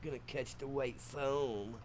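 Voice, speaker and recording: A man's voice: mid-range voice, fairly even intonation, a little slow, slight background noise, pitched above the performer's own voice, lightly acted. A man voicing a laid-back young surfer dude who drawls in surfer slang. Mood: mellow, goofy.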